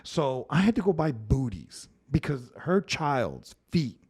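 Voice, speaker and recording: This podcast host, a man from Brooklyn, New York, speaks at a measured pace in a mid-range voice with vocal fry and a slight roughness. His casual comedy show runs loose and animated, full of swearing and frequent restarts.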